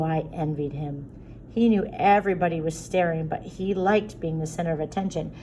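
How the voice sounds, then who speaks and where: A woman narrating a story aloud in a steady reading voice. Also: fairly low pitch, slight background noise, low-quality recording. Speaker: audiobook reader.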